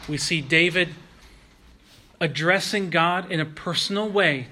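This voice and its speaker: A man delivers a sermon in a bright, forceful voice that sits a touch high. He speaks earnestly and at a measured pace. He slows right down and leans on phrases he wants to stress. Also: slight background noise. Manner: earnest, measured preaching with slow emphatic pauses. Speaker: pastor.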